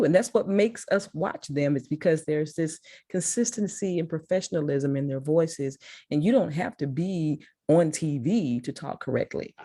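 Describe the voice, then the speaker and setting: A woman's voice: deep voice, expressive, moderate pace, warm tone, dry recording. A woman from Memphis with a Mississippi accent, giving an emphatic, encouraging motivational talk to students as a guest speaker. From Memphis, USA. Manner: emphatic, encouraging, repeats for stress.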